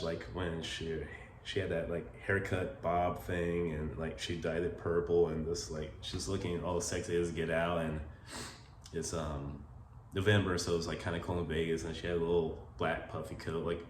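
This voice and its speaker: A man's voice: deep voice, flat delivery, normal speed. A man telling personal stories in a casual, rambling way, full of "like" fillers and emotion. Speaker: vlogger telling stories about his late partner. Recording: roomy echo with faint ambient noise.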